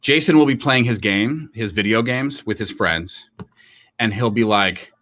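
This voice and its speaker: A man's voice: fairly low pitch, a little slow, fairly bright tone. A middle-aged man co-hosting a casual live stream, talking in a rambling way with many restarts and acted-out quotes. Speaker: co-host.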